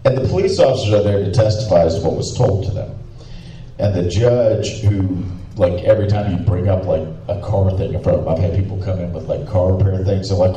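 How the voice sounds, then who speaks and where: Male panelist, relaxed storyteller with a warm low tone, recorded from across a reverberant room. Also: fairly quick, a little hiss or hum. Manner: animated anecdotal, with laughing asides and profanity. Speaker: panelist telling stories at a live event. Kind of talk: casual storytelling to a live audience. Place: live event room with audience. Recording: roomy hall, picked up from a distance.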